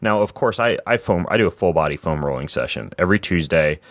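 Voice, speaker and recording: A man with a very low voice hosts a podcast, talking in a relaxed, rambling way and often restarting his sentences. The recording is close and dry, with no room sound. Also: fast talker, dry recording. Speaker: podcast host. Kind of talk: casual podcast chat. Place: Spokane.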